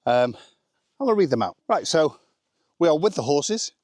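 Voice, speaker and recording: A man's voice: fairly high pitch, big pitch swings, normal speed, darkish tone, no echo, studio quality. A man vlogging casually outdoors on a rural smallholding, rambling and self-deprecating, with lots of "um" and "anyway" fillers. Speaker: vlogger sharing family life abroad. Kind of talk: casual chatty vlog.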